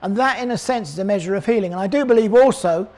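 An older man preaching a sermon, animated, acting out the voices of people in the story. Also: high-pitched, quick pace. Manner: animated, acts out voices of crowd and characters.

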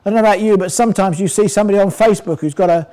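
An older man from England preaches a sermon in a high voice. He talks to the congregation in a conversational way, puts questions to them, and slows down to dwell on scripture. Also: mellow, rough recording.

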